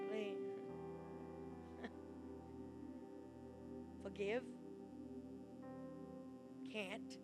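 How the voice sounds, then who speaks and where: A woman preaching a sermon in a church hall, loud and fervent, with quick asides and restarts. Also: a little high.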